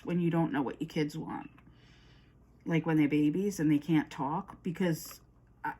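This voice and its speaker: A woman's voice: lowish voice, darkish tone. A woman vlogging her craft hobby in a casual, rambling chat to camera, often laughing.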